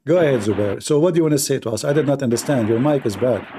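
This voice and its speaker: A man's voice: mid-range voice, very fast, noisy background. A male livestream debate host who talks in a mocking, combative way, with sarcastic jabs and broken, non-native grammar. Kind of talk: combative live debate talk.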